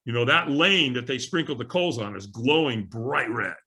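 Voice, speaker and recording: A man telling his life story as a podcast guest, animated and acting out the voices of the people in it. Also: medium pitch, normal speed, breathy edge. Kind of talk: storytelling in casual interview.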